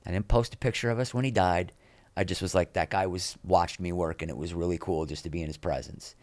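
A dry recording captures a middle-aged man's low, fairly quick voice as an interview guest. Rambling and self-deprecating, he shares candid stories and performs the voices of those he quotes with animation.

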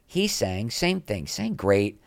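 Low-voiced guy telling rambly backstage stories, does loud voices for people he quotes, dry close mic. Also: slow, vocal fry, dry recording. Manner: animated, acts out quoted people in raised voices; rambling, frequent restarts. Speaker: guest. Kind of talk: candid anecdotal storytelling.

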